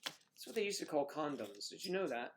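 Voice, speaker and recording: A man's voice: fairly high pitch, very animated, a little fast, fairly bright tone, a little hiss or hum. A middle-aged man from the United States hosting a casual livestream, teasing viewers by name with bawdy jokes. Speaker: livestream co-host. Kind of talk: casual livestream chat reading comments.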